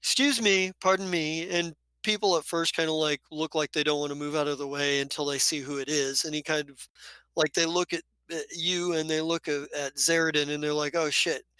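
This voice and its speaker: A man's voice: fairly high pitch, flat delivery, fairly quick, pushed and bright, clean tone, dry recording. A man acting as game master, narrating a tabletop game in a loose, rambling, descriptive way.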